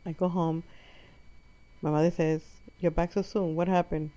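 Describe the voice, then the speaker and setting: Woman comic, non-native English accent, rambling self-correcting storyteller, mellow tone, lo-fi close sound. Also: on the low side, little pitch movement, moderate pace, no echo. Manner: rambling, self-correcting, acts out her mother's lines. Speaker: comedic storyteller. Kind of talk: comic monologue. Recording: muffled lo-fi audio.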